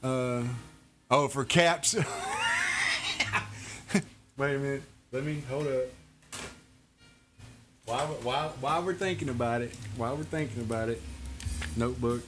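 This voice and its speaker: A man's voice: medium pitch, unhurried, pauses often, noisy background. A man chatting casually with viewers while streaming a truck driving game, laid-back and laughing often. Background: faint music.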